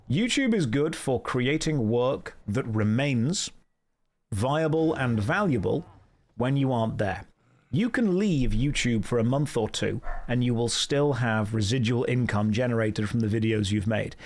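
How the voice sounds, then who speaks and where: A man streaming from home on a desk microphone, chatting playfully with viewers while he plays. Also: medium pitch. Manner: playful, jokey, chats with viewers. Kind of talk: casual live game stream commentary.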